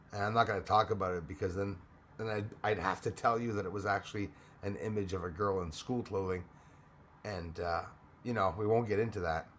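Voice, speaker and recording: A man's voice: lowish voice, a bit bright. A man hosting a live stream, chatting casually and greeting viewers by name, rambling with frequent restarts. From Canada.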